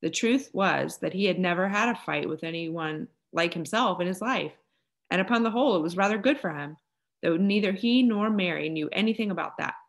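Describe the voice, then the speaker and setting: A woman narrating a children's audiobook in a steady storytelling manner. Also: fairly low pitch, a little fast. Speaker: volunteer audiobook reader.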